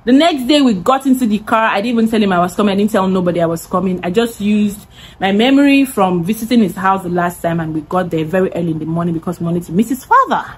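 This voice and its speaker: Animated woman telling a story. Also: medium pitch, quick pace, a little hiss or hum, low-quality recording. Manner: animated, acts out quoted voices. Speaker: content creator. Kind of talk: storytime vlog.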